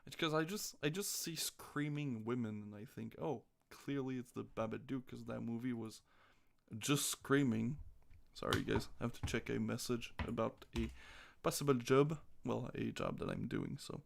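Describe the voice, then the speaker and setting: A man's voice: mid-range voice, normal speed, creaky, hardly any pauses. A man chatting casually on a live stream, joking crudely and reading quiz questions aloud. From North America.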